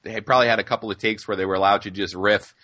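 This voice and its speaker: A man co-hosting a podcast in casual film discussion, talking in halting starts and restarts. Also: fairly low pitch, steady tone, pushed and bright, no echo, lo-fi sound. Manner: halting, many restarts and fillers. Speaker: podcast co-host.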